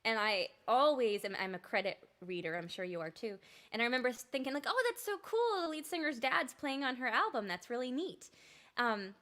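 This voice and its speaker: A woman's voice: a little high, expressive, a little fast, fairly bright tone. A woman singer-songwriter hosting an online concert. She chats casually between songs, laughs often, rambles and swears lightly.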